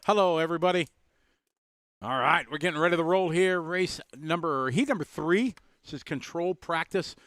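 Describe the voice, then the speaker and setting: A man's voice: fairly high pitch, moderate pace, fairly bright tone, no room sound, studio quality. A man doing casual live commentary at a race, chatting and greeting viewers.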